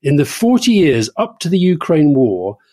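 A Scottish man co-hosting a political podcast, talking briskly in casual chat and turning to teasing banter. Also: fairly high pitch, sing-song, warm tone. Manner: brisk, talkative, breaks into teasing. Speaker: podcast co-host.

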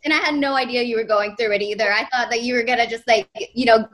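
A woman hosts a podcast in a candid, personal conversation. Her voice is bright and crisp, and she speaks hesitantly with many fillers as she works through her thoughts. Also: fairly high pitch, fairly even intonation, fast talker. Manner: hesitant, searching for words. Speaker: podcast host.

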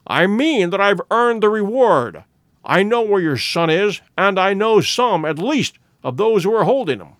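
Guy reading as a cool unbending detective, precise and clipped, lively pitch, dry close sound. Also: no room sound. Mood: cool, measured. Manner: cold, measured, inexorable. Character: cold, inexorable male detective, sharp and precise.

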